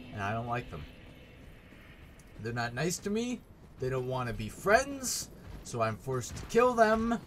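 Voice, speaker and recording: A man's voice: medium pitch, background noise. A young man commentating his own gameplay, swearing and sarcastic as he rants at enemies. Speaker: gaming YouTuber.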